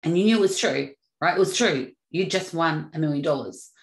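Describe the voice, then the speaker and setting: Lowish-voiced woman giving a motivational talk. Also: brisk, creaky. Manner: upbeat, acts out examples with animated shifts. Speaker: podcast host. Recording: echoey room.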